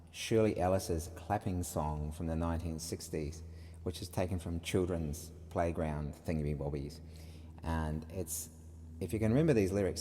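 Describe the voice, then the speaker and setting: A man's voice: low voice, warm tone, in a large hall, slight background noise. A man teaching an online music lesson, chatty and explaining step by step, sometimes chanting rhymes.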